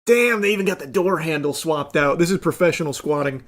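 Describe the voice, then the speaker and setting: A man's voice: fairly high pitch, fairly quick. A man in his thirties giving casual reaction commentary on videos, with dry, blunt remarks and some swearing.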